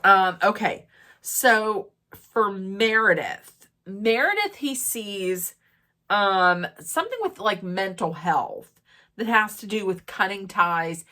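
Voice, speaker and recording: A woman's voice: medium pitch, animated, takes it slowly, pushed and bright. A woman casually recapping a reality show episode, chatty, with frequent fillers and restarts. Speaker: recap host.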